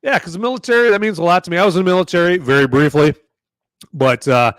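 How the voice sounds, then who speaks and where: A man's voice: sits high, quick pace, a bit bright, dry recording. A man hosting a live-stream movie review podcast, talking casually and rambling with lots of fillers and restarts. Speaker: podcast host.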